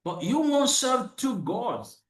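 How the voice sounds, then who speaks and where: Slow, animated man in an echoey room. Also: extremely high pitch. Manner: repetitive, emphatic, with restarts and rhetorical questions. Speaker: motivational speaker. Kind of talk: motivational monologue.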